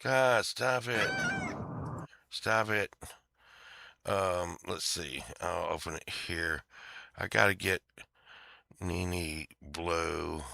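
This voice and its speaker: Slow-talking, sharp-voiced profane storyteller man. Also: low-pitched, creaky, no room sound, clean studio sound. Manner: profane, laughs a lot, trails off. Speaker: vlogger telling a story. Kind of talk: rambling casual storytelling.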